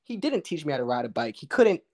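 A man, a guest poet, telling a story in a relaxed, candid way with slang and the odd swear word. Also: a little high, quick pace. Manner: relaxed, candid, uses street slang and profanity. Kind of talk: casual conversational storytelling.

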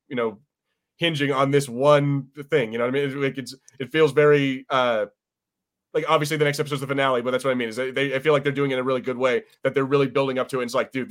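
A man co-hosting a podcast, chatting casually about a TV episode, rambling with lots of fillers and the odd swear word. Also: mid-range voice. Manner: rambling, many fillers and restarts, swears freely. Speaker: podcast co-host. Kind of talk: casual chat reviewing a TV episode.

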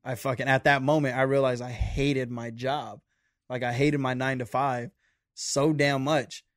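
A man's voice: mid-range voice, no echo, clean studio sound. A young man from a Mexican-American family telling his story in casual, profane podcast chat. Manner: profane, laid-back storytelling.

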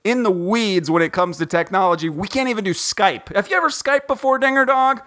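A man from Ohio hosting a podcast from home, chatting casually in an animated, joking, rambling way with lots of fillers. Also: high-pitched, a little fast. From Ohio, USA. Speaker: podcast host. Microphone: recording from home, guest on the phone.

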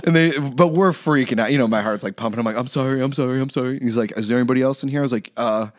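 A man's voice: medium pitch, racing, no room sound, studio quality. A man in his thirties telling a road story in casual chat, acting out the people in it and laughing often. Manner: animated, acts out quotes, laughs often. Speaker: guest, studio engineer. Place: studio room.

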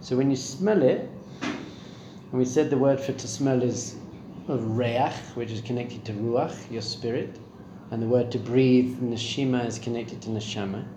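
A man's voice: mid-range voice, a little slow, roomy sound, noisy background. A middle-aged man giving a spiritual talk on meditation, conversational and questioning his listeners. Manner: conversational, asks the audience questions. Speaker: spiritual teacher. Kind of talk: Torah class on meditation. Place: room with a live audience.

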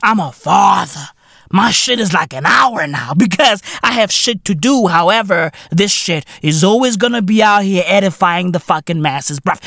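A man's voice: high-pitched, animated, moderate pace, vocal fry, sharp tone, dry recording, studio quality. A man hosting a podcast, ranting in a comedic monologue full of slang and swearing, often breaking into laughter. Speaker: podcast host.

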